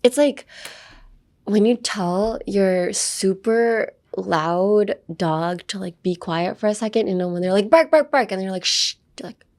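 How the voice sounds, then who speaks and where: Young woman, podcast English lesson, casual and playful, repeats example words, mid-pitched voice. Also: steady tone, a little slow, mellow. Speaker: podcast host teaching English pronunciation.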